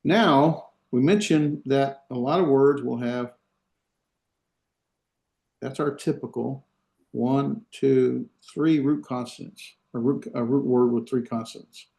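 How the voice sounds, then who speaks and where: A man teaching Hebrew lectures his class in a mid-range, darkish voice with vocal fry. Heavy on fillers, he breaks the lesson into steps and repeatedly makes sure the students are with him. The room sounds echoey.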